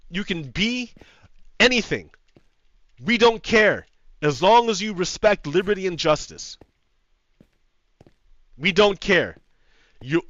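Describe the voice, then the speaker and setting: A man's voice: high voice, a bit bright, no echo, muffled recording. Profane, heated man ranting over gameplay. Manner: heated and profane, repeats phrases, laughs often. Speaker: gaming video host. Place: home setup with green screen.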